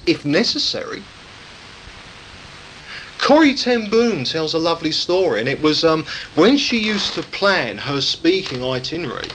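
High, lively preacher. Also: male voice, slight background noise, low-quality recording. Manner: emphatic, repeating points with rhetorical questions. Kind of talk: sermon.

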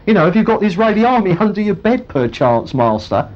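A man's voice: very animated, fast. A man voicing a panicking young male servant in frantic disbelief, on a muffled lo-fi recording. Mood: panicky. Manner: frantic, high-pitched disbelief.

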